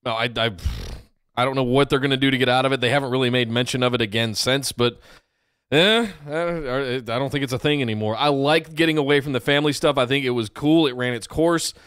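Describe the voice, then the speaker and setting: A man's voice: medium pitch, steady tone, fast talker, fairly bright tone, smooth, no echo, clean studio sound. A man co-hosting a casual wrestling podcast, laid-back and blunt in his opinions. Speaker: podcast co-host.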